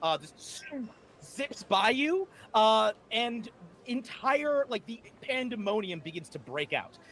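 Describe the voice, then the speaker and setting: Animated high-voiced game master. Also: male voice, takes it slowly. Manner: animated, laughing narration with many fillers. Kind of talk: narrating a tabletop game. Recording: faint background noise.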